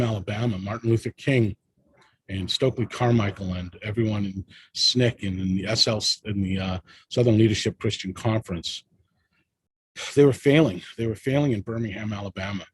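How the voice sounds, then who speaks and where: Husky, emphatic man rallying listeners. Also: fairly low pitch. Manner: emphatic, rallying, with frequent "right?" tags. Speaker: panel guest. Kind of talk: impassioned panel discussion.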